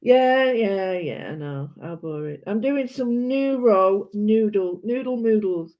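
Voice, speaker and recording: A woman's voice: medium pitch, expressive, unhurried. A British woman chatting casually and rambling while she colours, often correcting herself. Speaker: art vlogger. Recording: dull lo-fi sound.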